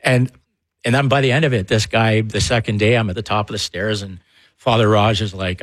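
A man, co-hosting a casual sports talk show and telling animated stories. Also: lowish voice, fairly quick, dry recording, studio quality. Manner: animated storyteller, laughs often. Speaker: sports radio co-host, former player.

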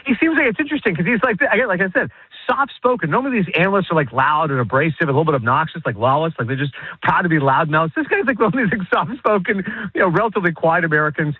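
A man, a guest on a sports radio show, ranting in rapid, animated, opinionated bursts over a phone call. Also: a little high, breathy edge, dry recording. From Canada. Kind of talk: casual sports radio chat. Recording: tinny phone line.

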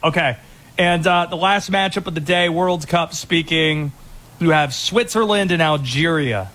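A man co-hosting a casual podcast, playful and quick to laugh. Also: fairly high pitch, fairly bright tone. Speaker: podcast co-host. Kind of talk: casual chat.

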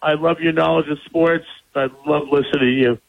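A man's voice: fairly high pitch, steady tone, a little fast, vocal fry. A man in his fifties calling into a radio show, friendly and a little stammering. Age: 50s. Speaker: caller. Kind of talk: phone-in chat. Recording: phone line.

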